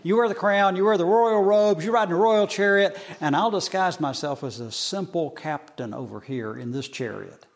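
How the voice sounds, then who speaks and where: A man's voice: high-pitched, normal speed, few pauses, voice pushed up. A man doing a whiny, petulant old king. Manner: whiny, boastful, colloquial. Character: petulant grumbling ancient male king.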